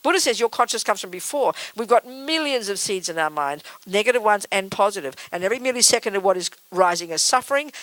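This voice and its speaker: A woman's voice: medium pitch, expressive, fast talker, few pauses, a bit bright, dry recording, poor audio. A woman Buddhist teacher giving a public talk before a live audience, blunt and emphatic with teasing asides.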